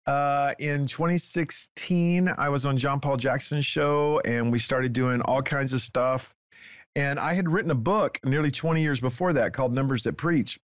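Man, guest author, excitable testimony, dry and slightly dull studio audio. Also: medium pitch, no echo. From Texas. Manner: excitable storyteller, acts out dialogue. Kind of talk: animated personal testimony.

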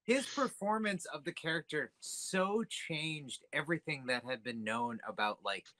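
A man's voice: a little high, unhurried, sharp tone, dry recording, low-quality recording. A tipsy man co-hosting a podcast, teasing his co-hosts and dropping movie trivia in casual chat. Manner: teasing, eager to drop trivia. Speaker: podcast co-host.

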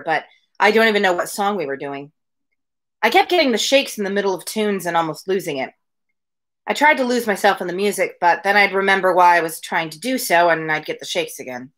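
A woman's voice: medium pitch, fairly bright tone. A woman reading a novel aloud on a home livestream, breaking off now and then for chatty asides to her viewers. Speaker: reader of a daily livestreamed book reading. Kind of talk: read-aloud livestream narration. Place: home room with window blinds.

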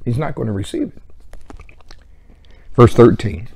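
A man's voice: mid-range voice, moderate pace, mellow. A man teaching verse by verse through a Bible book in a conversational way, with chuckling asides.

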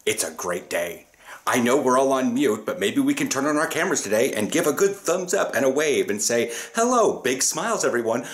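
A man's voice: medium pitch, very animated, fairly quick, voice pushed up, close to an everyday voice. A man mimicking an overly cheerful male meeting presenter in a sing-song voice. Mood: perky.

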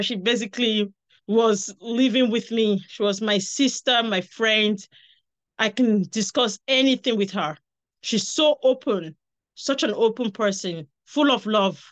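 A woman giving a heartfelt, halting tribute over a video call, drawing out her words. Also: mid-range voice. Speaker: guest speaker, daughter of the author. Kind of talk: emotional tribute speech.

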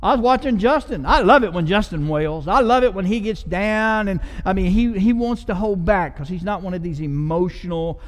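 A man preaching a passionate sermon as pastor, mixing loud swells with conversational asides. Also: high voice, normal speed, hardly any pauses, big-room sound.

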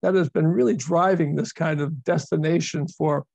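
A man's voice: a little high, steady tone, normal speed, gravelly, a little mellow, no room sound. A man giving a virtual presentation as a university speaker, explaining at length and repeating words for emphasis. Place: video call. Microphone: video call microphone.

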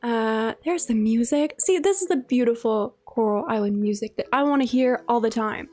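Bubbly high-voiced woman streamer. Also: moderate pace, darkish tone, soft background music. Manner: bubbly, gushing, greets viewers by name. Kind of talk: live game stream chat.

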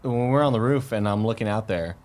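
A man in his thirties chatting casually as a podcast co-host, relaxed and asking questions. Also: fairly low pitch, brisk. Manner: laid-back, swears casually, asks questions. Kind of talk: casual chat.

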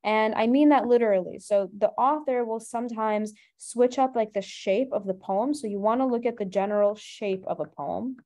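In an online webinar, a female tutor teaches briskly with a mellow, darker voice that sits on the high side. She walks her students through the material step by step, guiding them with frequent rhetorical questions.

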